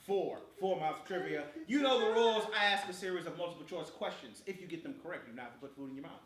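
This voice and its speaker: Loud excitable man hosting trivia. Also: a little high, fast talker, roomy sound. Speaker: trivia game host. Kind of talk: casual podcast banter.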